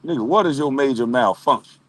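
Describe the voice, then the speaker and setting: A man's voice: medium pitch, brisk, fairly bright tone. A man on a live stream, ranting casually with lots of cursing, laughing and mocking impressions of other people. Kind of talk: profane ranting monologue.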